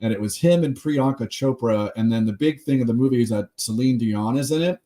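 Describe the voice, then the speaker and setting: A man's voice: mid-range voice, dark tone. Chatty man hosting a film podcast. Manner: chatty, rambling, with quick laughs and asides. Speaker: podcast host. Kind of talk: casual chat.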